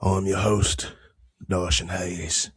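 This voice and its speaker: A man's voice: low voice, level tone, slow, breathy edge. A man hosting a podcast in casual chat, slangy and laid-back, swearing and laughing as he talks. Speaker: podcast host.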